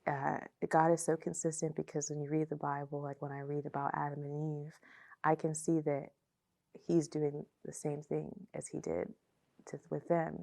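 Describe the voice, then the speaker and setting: A young woman telling her personal faith testimony, emotional and halting, often repeating herself and trailing off. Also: deep voice, creaky, a little mellow. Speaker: testimony speaker.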